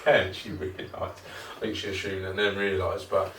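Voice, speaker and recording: The co-host here has a low, fairly bright male voice with a level tone and moderate pace. He laughs often while rambling through foul-mouthed stories in easygoing podcast chat, picked up by a distant mic in a roomy space with a little noise.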